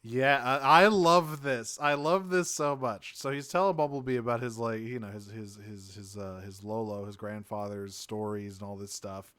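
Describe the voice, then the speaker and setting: A man's voice: fairly low pitch, moderate pace, hardly any pauses, fairly bright tone, clear, resonant tone, no echo, studio quality. A man co-hosting a podcast, animatedly recapping a cartoon episode with laughs and quoted lines. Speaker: podcast co-host. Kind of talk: casual chat recapping a cartoon.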